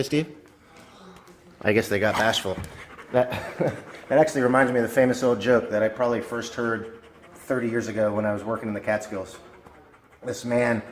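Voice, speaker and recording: Chatty middle-aged man telling a joke, echoey room. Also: on the low side. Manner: relaxed, chatty storyteller. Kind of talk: casual video message and joke telling. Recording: echoey room with faint noise.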